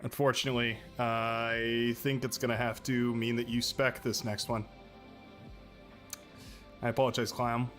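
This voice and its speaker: A male streamer talks casually through a live match, picking apart his own play. His voice sits at an ordinary pitch, with faint music playing underneath. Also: little pitch movement, measured pace, pauses often, fairly bright tone. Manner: self-critical, grumbling, chatty. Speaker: game streamer.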